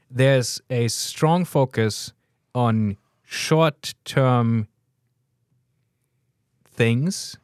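A man's voice: mid-range voice, no echo. Earnest man, dry close sound. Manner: earnest, halting restarts. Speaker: podcast co-host. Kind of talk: casual debate chat.

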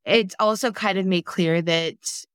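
A woman's voice: lowish voice, fairly even intonation, measured pace, fairly bright tone, clean tone, dry recording. A woman chatting casually as a podcast co-host, recapping a film with blunt, dry humor.

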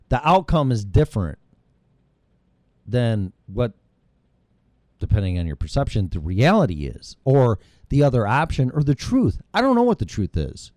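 A man's voice: medium pitch, warm tone, no echo, studio quality. A middle-aged man hosting his own show, delivering a heated, rambling monologue full of profanity. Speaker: show host. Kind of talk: ranting monologue.

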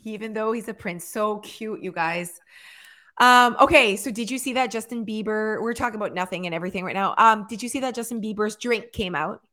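A woman co-hosting a casual chat, talking fast with lots of fillers and acting out what people say. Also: medium pitch. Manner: chatty, filler-heavy, animated storytelling. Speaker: podcast co-host.

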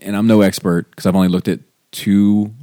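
A man's voice: on the low side, flat delivery, brisk, dark tone, no echo, clean studio sound. A man hosting a podcast, chatting casually and hesitantly with lots of fillers and restarts. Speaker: podcast host. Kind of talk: casual chat.

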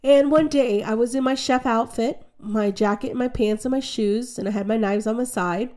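A woman telling stories in a lively, chatty way, acting out what people said. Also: on the high side, moderate pace. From United States. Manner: animated, chatty, acts out quotes in her story. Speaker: guest. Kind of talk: casual conversational storytelling.

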